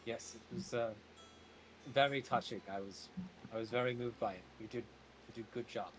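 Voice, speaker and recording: A man's voice: mid-range voice, fairly even intonation, a little hiss or hum, close to an everyday voice. A man playing a dry, reserved adventurer. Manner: quiet, halting, dry. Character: reserved adult male adventurer, dry and passive-aggressive.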